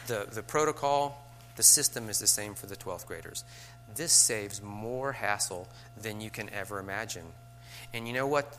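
Bright-voiced male teacher giving a talk. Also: medium pitch, slight background noise. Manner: conversational, chuckles, rhetorical asides.

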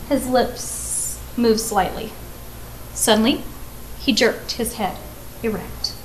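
A woman's voice: fairly high pitch, noisy background. A woman reading a story aloud to children, with friendly conversational asides and questions to her listeners.

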